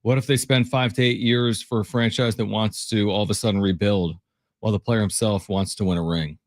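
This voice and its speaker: A man's voice: lowish voice, fairly even intonation, fairly quick, no room sound. A male sports radio host bantering with his co-host and reading listener texts in a studio. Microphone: studio mic.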